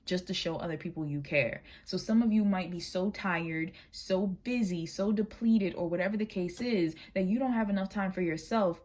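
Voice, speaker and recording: A woman giving a casual, earnest tarot reading to her viewers. She sometimes rushes her words. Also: mid-range voice, a little mellow. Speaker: tarot reader.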